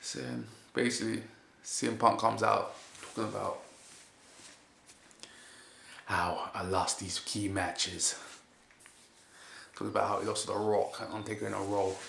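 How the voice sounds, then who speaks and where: A man's voice: on the low side, vocal fry, a bit bright. A man giving a casual, rambling spoken recap of a wrestling show. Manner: rambling, repeats "basically", chuckles often. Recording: echoey room with faint hiss.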